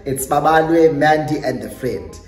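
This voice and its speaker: A young South African woman telling a storytime on her vlog in a lively way, slipping Xhosa phrases into her English. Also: low voice, a little slow. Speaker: YouTuber. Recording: echoey room with faint music.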